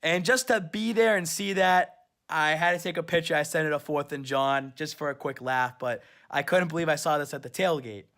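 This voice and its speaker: A man's voice: a little high, moderate pace, fairly bright tone. A superfan man recapping his trip in a casual, rambling story. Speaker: superfan vlogger.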